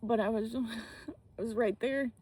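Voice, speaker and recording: A woman speaking outdoors in a slow, halting, emotional personal reflection, with restarts and whispered asides. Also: a little high, steady tone, darkish tone, husky. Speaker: spiritual vlogger.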